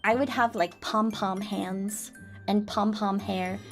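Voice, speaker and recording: A woman's voice: mid-range voice, steady tone, slow, soft background music. A woman streamer chatting casually and playfully with her viewers, giggling often. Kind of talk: casual chat on a livestream.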